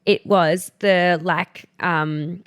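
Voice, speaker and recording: A woman's voice: lowish voice, fairly even intonation, extremely slow, smooth. A woman co-hosting a pop culture podcast, leading the segment in casual chat with many fillers. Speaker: podcast co-host.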